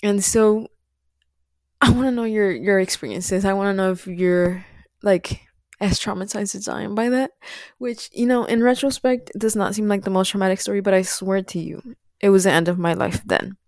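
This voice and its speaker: A woman whose first language is Spanish talks casually to her viewers at a middle pitch. She sounds chatty and animated, laughing often and filling her talk with loose asides. The recording is dry, with no room sound. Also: moderate pace, dry recording. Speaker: vlogger. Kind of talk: casual chat to camera.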